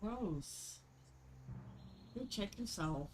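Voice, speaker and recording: A woman's voice: medium pitch, animated, extremely slow, a little mellow, slight background noise. A woman in casual chat, giggly and playful, who teases right back. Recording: clear music playing behind.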